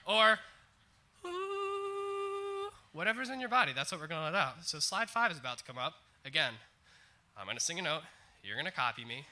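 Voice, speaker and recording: A man with a high, very animated voice coaches a live audience from the stage. His tone is bright and forceful as he counts breaths and explains what the crowd should sing next. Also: fast talker. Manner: coaching, guiding the audience through breathing and singing. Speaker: presenter leading an audience exercise.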